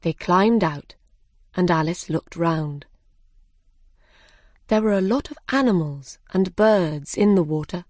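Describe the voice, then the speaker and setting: A woman reading a children's story aloud in a simple, measured way. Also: fairly low pitch, animated, darkish tone, no echo, studio quality. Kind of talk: scripted narration of a children's story.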